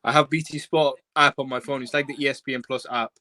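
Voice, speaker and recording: A man's voice: medium pitch, steady tone, fast, pushed and bright. A man with a Sheffield Yorkshire accent chatting casually on a phone call late at night, laid-back and self-deprecating. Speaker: guest. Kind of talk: casual chat.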